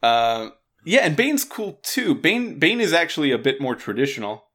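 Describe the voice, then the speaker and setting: A man's voice: fairly high pitch, big pitch swings, moderate pace, a bit bright. A man co-hosting a casual gaming podcast, rambling and restarting his words often. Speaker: podcast co-host.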